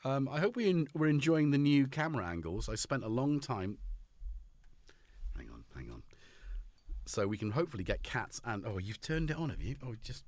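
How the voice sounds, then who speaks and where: A man's voice: mid-range voice, very animated, brisk, hardly any pauses, darkish tone, dry recording. Chatty British man hosting a stream. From United Kingdom. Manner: chatty and jokey, greets viewers by name. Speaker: host. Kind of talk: casual live-stream chat. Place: home studio. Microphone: headphones on, studio mic.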